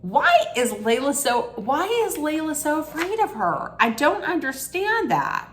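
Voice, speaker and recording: A woman's voice: sits high, very animated, unhurried, a bit bright, slight background noise. A woman giving a casual recap rant of a reality show, rambling and opinionated with frequent ums and restarts.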